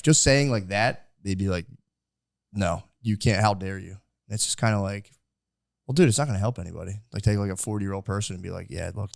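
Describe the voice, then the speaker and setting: A man in his thirties talks fast in loose podcast chat, stringing thoughts together with constant fillers. His voice sits on the low side. The sound is dry and close. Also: creaky, a little mellow, no echo. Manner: rambling, lots of "like" fillers, acts out quotes. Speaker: podcast co-host. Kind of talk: casual podcast conversation.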